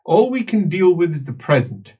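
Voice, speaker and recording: A man's voice: high-pitched, big pitch swings, moderate pace, warm tone, breathy edge. A man, narrating as game master of an improvised tabletop game and slipping in and out of character voices. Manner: switches between many British-styled character voices.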